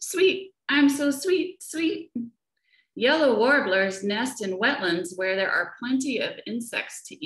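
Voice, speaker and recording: A woman educator reading a picture book aloud to young children, gentle and slow, often asking them questions, over a webcam. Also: mid-range voice. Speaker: children's nature program educator. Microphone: laptop or webcam for a video session. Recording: echoey room.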